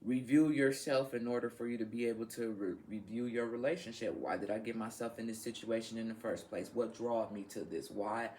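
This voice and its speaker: A woman's voice: a bass voice, fairly even intonation, fairly quick, few pauses, a little mellow, slight background noise. A woman giving a casual tarot reading to her viewers, frank, swearing freely and laughing as she talks. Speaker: tarot reader.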